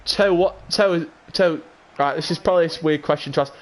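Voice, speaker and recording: A man chatting casually on a live game stream, excitable and calling out viewers by name to ask their opinions. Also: on the high side, a little fast, slight background noise. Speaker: gaming livestreamer.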